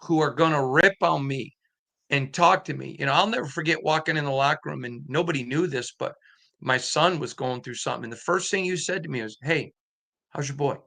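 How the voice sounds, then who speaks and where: Male sports podcast host, sharp bright voice, earnest storyteller. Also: fairly high pitch, brisk, vocal fry. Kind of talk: casual interview chat.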